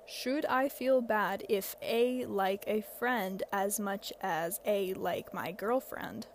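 A woman's voice: fairly high pitch, gravelly, a little mellow, slight background noise. A seventeen-year-old girl hosting a podcast, giving casual, rambling advice with lots of fillers and self-deprecating asides. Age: teens. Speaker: podcast host.

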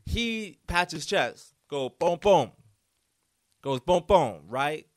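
A man hosts his podcast alone, telling a rambling story in a casual, animated way. His voice is smooth and clear, recorded dry and close with no room sound. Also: a little high, slow pace, dry recording. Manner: animated, loose storytelling full of fillers and quoted voices. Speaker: podcast host.

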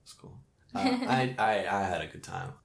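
A man's voice: on the low side, huge pitch swings, normal speed, vocal fry. A man who hosts comedy shows, chatting casually with a self-mocking, rambling manner and frequent laughter. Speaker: comedy show host. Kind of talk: casual podcast chat. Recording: echoey room.

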